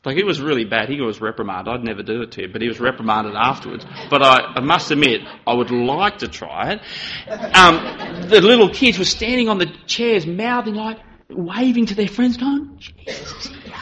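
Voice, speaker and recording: A man's voice: on the high side, moderate pace, sharp tone, highs cut off. A man giving a sermon to a congregation, telling stories and acting out children's voices. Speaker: preacher.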